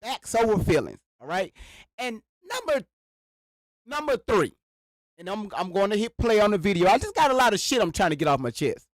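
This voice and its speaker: A livestream host with a high, lively voice that jumps up and down rants in reaction to his chat, repeatedly calling out to viewers. He sits close to the microphone in a dry, dead room with no room sound, speaking at a normal speed, animated and repetitive.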